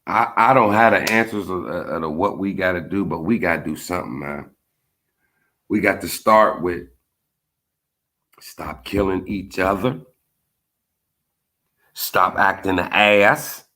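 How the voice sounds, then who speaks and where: A man's voice: deep voice, a little slow, long pauses, sharp tone. A man speaking in a frustrated, impassioned monologue, repeating "man" often. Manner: frustrated, preachy, repetitive "man" tags. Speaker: vlogger.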